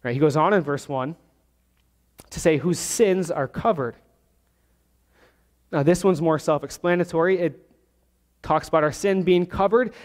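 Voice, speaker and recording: A man preaching a sermon as pastor, teaching verse by verse and slowing down to stress key words. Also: on the high side. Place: church sanctuary. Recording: long hall reverb.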